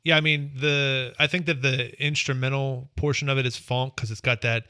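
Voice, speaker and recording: A man's voice: mid-range voice, fairly even intonation, moderate pace, bright, forceful tone, clear, resonant tone, no room sound, studio quality. A man co-hosting a podcast, joking crudely and steering the show between segments. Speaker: podcast co-host. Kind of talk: casual chat.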